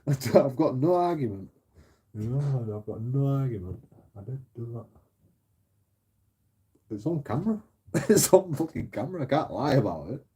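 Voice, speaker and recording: Host, male, husky and mellow, rambling sweary rant with frequent laughs. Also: medium pitch, big pitch swings, moderate pace, long pauses. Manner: swears freely, laughs often, rambling with restarts. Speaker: channel host. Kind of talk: casual ranting commentary.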